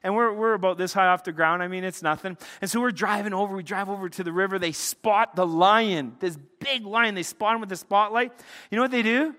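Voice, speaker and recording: Preacher in a big echoing hall. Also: male voice, high-pitched, fairly quick. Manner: animated, swings from loud excitement to hushed intensity. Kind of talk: sermon with storytelling. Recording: long reverb of a large hall.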